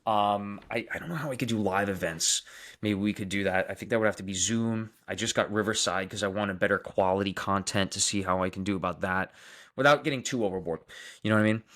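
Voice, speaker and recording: A young man with a Long Island accent talks to his live stream audience. His voice sits a little low, and he reads viewers' names off the screen before answering each comment in a loose, casual way. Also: fast, fairly bright tone. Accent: Long Island New York. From Long Island, New York. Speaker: dentist livestream host.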